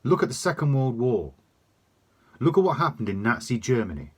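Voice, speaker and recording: Husky-voiced man ranting. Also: medium pitch, sing-song, normal speed. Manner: sweary, emphatic. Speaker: vlogger. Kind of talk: opinion rant.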